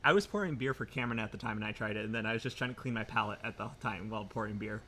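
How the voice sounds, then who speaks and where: A man co-hosting a brewery live stream, chatting casually in halting bursts with many restarts. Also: fairly low pitch, pushed and bright, a little hiss or hum.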